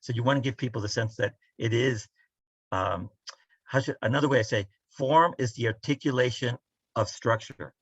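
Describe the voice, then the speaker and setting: Husky, lecturing man on a dull video call. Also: medium pitch, moderate pace, no room sound. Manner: lecturing, often tags points with "right?". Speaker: poet and roundtable panelist. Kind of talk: casual academic discussion.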